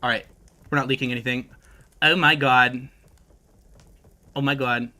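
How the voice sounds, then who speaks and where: A man's voice: medium pitch, steady tone, measured pace, bright, forceful tone. A man streaming a game, talking casually to his chat in a brash, swearing, trash-talking way. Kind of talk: casual livestream talk to chat.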